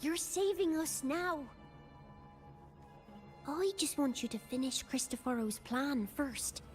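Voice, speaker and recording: An actress voicing an eerie, childlike girl with an old soul in a game, speaking softly and slowly over music. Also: sits high, lively intonation.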